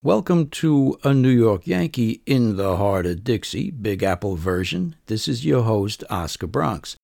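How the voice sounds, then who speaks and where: A middle-aged podcast host narrates a story of his own in a wry, conversational way, very animated yet at a measured pace. His voice is low, gravelly, husky and a little mellow. The sound is dry and close, with no room sound.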